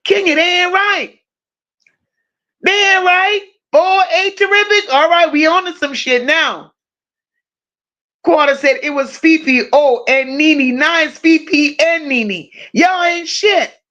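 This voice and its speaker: High, slow-talking woman streamer teasing chat. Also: pushed and bright, dull audio. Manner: profane, teasing, laughing banter. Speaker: livestream host. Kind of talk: casual live chat reading comments.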